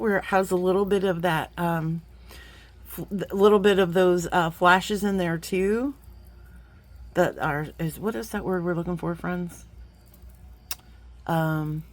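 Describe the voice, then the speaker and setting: A woman, chatting warmly to viewers as she gushes over beads in a casual unboxing vlog. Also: mid-range voice. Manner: chatty and gushing, talks to viewers as friends; sometimes drops to a playful whisper. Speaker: jewelry-making vlogger.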